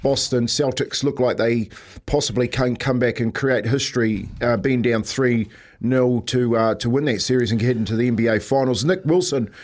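A man's voice: medium pitch, fairly even intonation, normal speed. A man with a New Zealand accent hosting a casual breakfast radio show, rambling through the lineup and telling stories with frequent laughs. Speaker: radio host.

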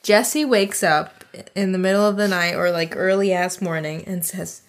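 A woman's voice: fairly low pitch, steady tone, moderate pace. A woman in casual chat, retelling a film's plot in a loose, jokey, profane way. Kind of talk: casual chat recapping a film.

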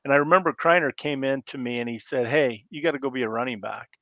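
A man's voice: mid-range voice, fast talker, dry recording. Rambling middle-aged man telling stories. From Iowa. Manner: rambling, animated, acts out coaches yelling. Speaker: podcast guest, former college football player. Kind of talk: casual storytelling interview. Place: live podcast studio. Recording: slightly muffled dry sound.

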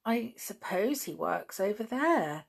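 A woman's voice: mid-range voice, sing-song, takes it slowly, vocal fry, breathy edge, voice pushed up, full character voice. A woman reading a fussy motherly aunt.

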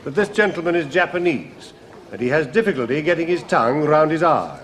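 A man's voice: a little high, very animated, fairly quick, fairly bright tone, slight background noise. An actor playing a formal middle-aged man who politely corrects others in 1970s sitcom style. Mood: patient.

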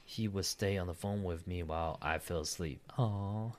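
A man's voice: low voice, moderate pace. A man chatting casually on a podcast, laughing often and swearing freely, and reading out a spooky listener story. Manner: laughs often, swears, says "dude" a lot.

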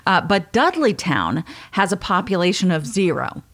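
A woman's voice: lowish voice, big pitch swings, moderate pace, a bit bright. A woman hosting a podcast, telling a story in a chatty way and laughing often. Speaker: podcast host. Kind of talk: casual storytelling chat.

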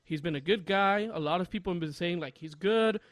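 A young man co-hosting a podcast, rambling and laughing loudly at his own stories. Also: high voice, a little fast, no room sound. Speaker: podcast co-host. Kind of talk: casual podcast chat.

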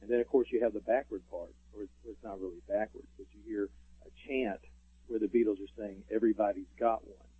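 A man's voice: lowish voice, steady tone, a little fast, breathy edge, dry recording. Man rambling on a tinny phone line. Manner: rambling storyteller, many fillers. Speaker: guest. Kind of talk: casual interview talk.

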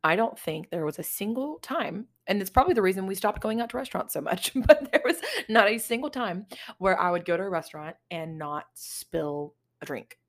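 A woman's voice: medium pitch, animated, fairly quick, no room sound, clean studio sound. A young adult woman hosting a solo podcast, chatting candidly, swearing often and laughing easily. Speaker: podcast host. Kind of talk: casual solo podcast chat.

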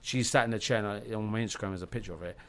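Fast-talking, low-voiced man. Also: smooth. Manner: emphatic, swears often, restarts sentences. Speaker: documentary director guest. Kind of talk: animated podcast storytelling.

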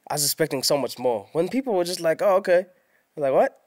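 Fast-talking South African young man. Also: fairly high pitch, no room sound, studio quality. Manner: animated, acts out quoted people. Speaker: guest rapper. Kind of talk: casual interview chat.

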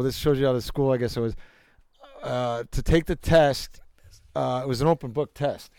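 A man's voice: mid-range voice, a little mellow, smooth, dry recording. A young man in casual chat, telling rambling anecdotes with bursts of laughter and crude jokes. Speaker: storyteller.

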